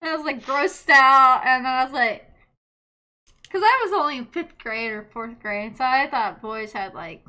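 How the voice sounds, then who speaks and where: A woman in her late twenties, a streamer telling stories in casual chat, animated, laughing often and swearing freely. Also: high-pitched, moderate pace. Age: late 20s.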